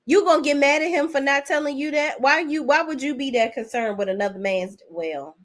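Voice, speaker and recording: A woman's voice: high-pitched, fairly quick, fairly bright tone. A woman giving a casual, blunt and profane recap of TV episodes, chatting straight to her viewers. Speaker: TV show reviewer.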